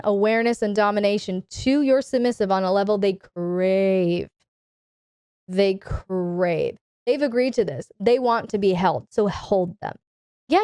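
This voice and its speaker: A woman hosting a live-stream advice Q&A, speaking in a commanding, deliberate, instructive way. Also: a little high, a little mellow, no room sound, studio quality. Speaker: dominatrix coach hosting a live Q&A.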